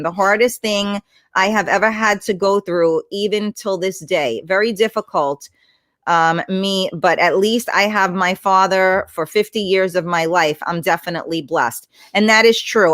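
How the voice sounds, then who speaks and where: A woman hosting a casual livestream, reading viewer comments aloud, chatty and blunt, swearing freely and greeting viewers warmly by name. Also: lowish voice, dry recording. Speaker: host.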